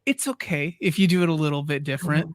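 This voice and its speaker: A man's voice: on the high side, steady tone, fast talker, no echo, studio quality. A man hosting a livestream, easygoing and joking as he steers the conversation. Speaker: host. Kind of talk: livestream co-host chat.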